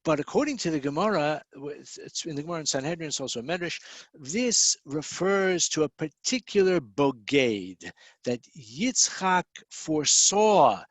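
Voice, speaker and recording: Casting: American male lecturer, higher-pitched voice, patient explanatory delivery, dry close sound. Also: animated, moderate pace, no echo. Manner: explanatory, spells out words, many fillers and restarts. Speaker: Torah lecturer. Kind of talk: recorded lecture.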